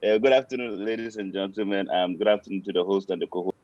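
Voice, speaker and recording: A man's voice: low voice, quick pace, a little mellow, no room sound, muffled recording. A man asking a question over a video call from his car, talking hesitantly and repeating words. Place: parked car. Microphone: video call on phone.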